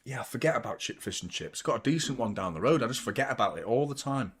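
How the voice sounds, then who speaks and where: A young man talks loosely and casually, dropping the odd swear word as he banters with his viewers. His voice sits at an ordinary, middle pitch, and he breaks into quick commentary on the match. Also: expressive, husky. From United Kingdom. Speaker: football fan channel host. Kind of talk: live watchalong commentary and chat.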